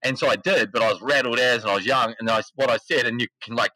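Quick-paced and medium in pitch, an esports CEO guesting on a podcast relays a casual story full of slang, dramatizing the quotes with animation. The audio is poor, with no room sound.

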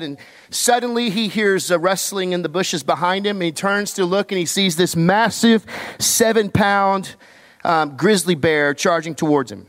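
A male pastor preaching in a jokey, conversational, animated manner to a live congregation in a large church, through a stage microphone. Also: high voice, moderate pace. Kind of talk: sermon. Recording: reverberant live church hall.

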